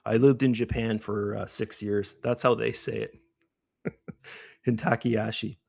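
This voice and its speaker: A chatty middle-aged man talks through his trades on a live stream with a lowish voice. He keeps tossing in "right?" as he goes, and the sound is dry and close. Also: fairly even intonation, takes it slowly, creaky, a little mellow, dry recording. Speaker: trading stream host. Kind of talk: live trading commentary.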